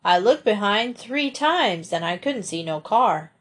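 A woman voicing a stubborn, grumbling old male farmer in a storybook reading, who talks slowly. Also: mid-range voice, animated, fairly bright tone. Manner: slow, stubborn, dialect-tinged grumbling.

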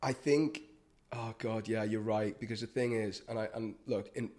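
A man's voice: lowish voice, normal speed. A man, a freelance broadcast journalist, telling stories in casual podcast chat, acting out quotes with lots of fillers and swearing. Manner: animated storytelling, acts out quotes, swears, many fillers.

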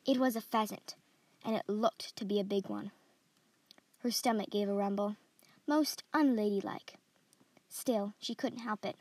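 A woman reading a story aloud in a steady, descriptive way as a podcast host. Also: medium pitch, no room sound. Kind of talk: scripted story narration.

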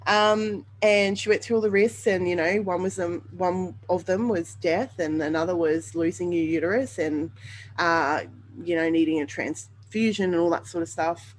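A woman's voice: lowish voice, steady tone, normal speed, slight background noise, poor audio. A woman hosting a podcast, telling a personal story in a candid, rambling way with many fillers. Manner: candid, rambling, with many ums and you-knows. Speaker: podcast host.

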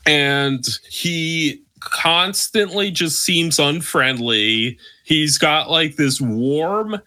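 A man's voice: fairly high pitch, drawn-out words, sharp tone. A man telling a rambling, profane story in casual chat with lots of fillers.

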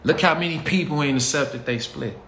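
A man's voice: on the high side, a little fast, fairly bright tone. A man with a Chicago accent hosting his own show, talking to listeners in a blunt, heated, slang-heavy rant. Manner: blunt, heated, slangy, talks straight to the audience. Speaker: podcast host. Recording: echoey room with faint ambient noise.

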